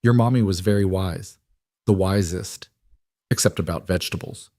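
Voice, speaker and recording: A man voicing a wounded but resolute woman executive in an audio story, speaking quietly and steadily. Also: deep voice, moderate pace, no echo, studio quality. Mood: tender.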